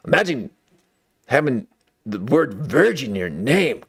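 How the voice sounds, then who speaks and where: A man's voice: mid-range voice, sing-song, unhurried, vocal fry. A man hosting a late-night commentary stream, talking in a sarcastic, rambling way and often tacking on "okay" and "folks". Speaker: live stream host.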